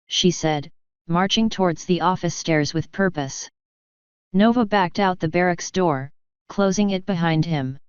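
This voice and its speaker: Clear-voiced woman narrating fanfiction. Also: fairly low pitch, measured pace, no room sound, highs cut off. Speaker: fanfiction reader. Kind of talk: audiobook narration.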